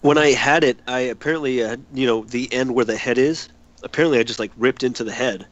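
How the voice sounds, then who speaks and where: A man telling a casual story on a podcast with lively, animated delivery. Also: mid-range voice, quick pace, lo-fi sound. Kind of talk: casual chat.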